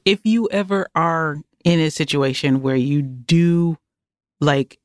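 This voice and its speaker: A woman chatting as a podcast guest, animated and jokey, with quick asides. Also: deep voice, dry recording, clean studio sound. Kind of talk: casual conversation.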